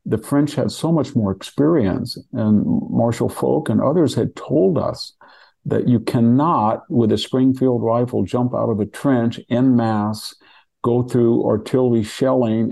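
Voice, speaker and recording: Gravelly older man recounting history. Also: medium pitch, mellow. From California. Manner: rambling, with many restarts and asides. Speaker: podcast host discussing history. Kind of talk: casual history talk.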